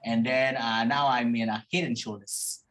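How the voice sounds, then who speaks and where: A man's voice: mid-range voice, steady tone, normal speed, fairly bright tone. A man from Malaysia, a guest musician on a casual podcast, talking in a playful, candid way and laughing easily.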